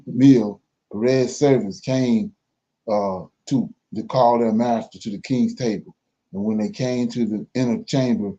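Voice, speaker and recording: A man reading scripture aloud for a Bible study, slow and careful, pausing and correcting himself as he goes. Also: medium pitch, dark tone, lo-fi sound.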